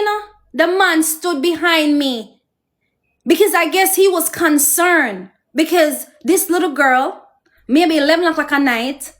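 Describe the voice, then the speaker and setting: A woman's voice: high voice, fairly bright tone. A woman with a Jamaican accent telling viewers her life story, emotional and preachy, speaking to them directly. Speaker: host.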